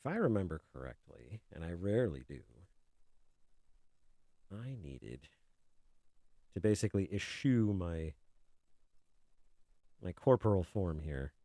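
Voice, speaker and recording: A man streaming video games, chatting casually and mocking himself while he mutters at his software. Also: low voice, big pitch swings, unhurried, pauses often, no room sound, studio quality. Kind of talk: casual game stream chat.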